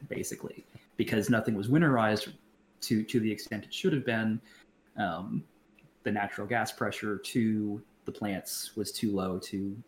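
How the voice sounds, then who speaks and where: A man co-hosting a podcast in casual chat, blunt and profane, talking in halting stops and restarts. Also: fairly low pitch. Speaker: podcast co-host. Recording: roomy echo, faint background noise.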